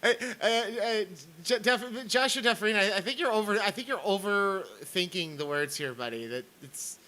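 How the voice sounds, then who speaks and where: A man's voice: high-pitched, normal speed, pushed and bright, rough recording. A man streaming a sarcastic rant, stammering and repeating words as he comments on clips.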